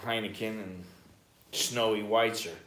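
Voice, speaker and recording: Speaking from his home in Bangkok, an American live-streamer keeps up a rambling, chatty monologue with casual swearing. His fairly low, fairly bright voice holds a steady tone at a measured pace, and there's a roomy echo plus a little hiss or hum.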